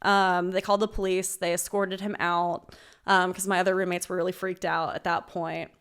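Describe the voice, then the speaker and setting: A woman in her twenties, a podcast guest, casually telling a story in an animated way, swearing freely and laughing as she goes. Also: fairly low pitch, moderate pace, clear, resonant tone.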